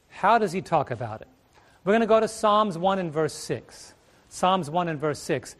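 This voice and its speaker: Male preacher, middle-aged, high voice, stage mic, emphatic sermon, rhetorical questions. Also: expressive, fairly quick. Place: church stage. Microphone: stage microphone.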